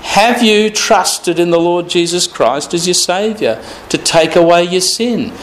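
Slow, emphatic male Bible teacher. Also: high voice, a bit bright, a little hiss or hum, rough recording. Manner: emphatic, stresses key words, reads scripture aloud; repeats phrases, asks rhetorical questions.

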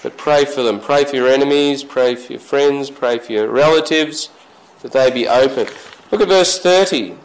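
A man preaching a sermon, reading scripture slowly and lifting his voice to stress key words. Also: steady tone, poor audio. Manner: reads scripture slowly, raising pitch for emphasis.

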